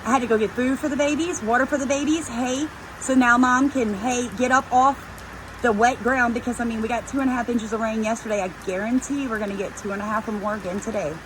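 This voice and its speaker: A woman's voice: fairly high pitch, fast, background noise. A middle-aged woman, animatedly telling a story about her farm day to her viewers. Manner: animated, chatty storyteller addressing viewers as y'all. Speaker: homesteading vlogger. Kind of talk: casual storytelling vlog.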